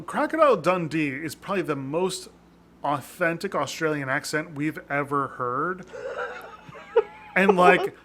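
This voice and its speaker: A man's voice: on the high side, fairly bright tone. A man co-hosting a casual podcast, rambling with lots of fillers and frequent laughter. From North America. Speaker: podcast co-host.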